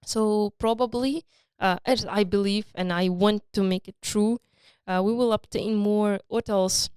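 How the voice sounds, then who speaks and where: Smooth-voiced woman founder, hesitant storytelling. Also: medium pitch, a little slow, no echo, studio quality. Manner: hesitant, many fillers and restarts, animated storytelling. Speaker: startup founder and CEO. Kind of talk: casual interview conversation.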